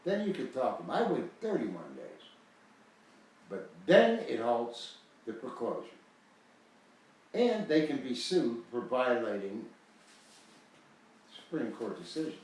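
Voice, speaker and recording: A man's voice: medium pitch, very animated, measured pace, pauses often, darkish tone, heavy reverb, distant mic, rough recording. An older American man, retired, giving a rambling, emphatic, folksy talk promoting his foreclosure guide. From United States. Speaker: host selling a foreclosure guide.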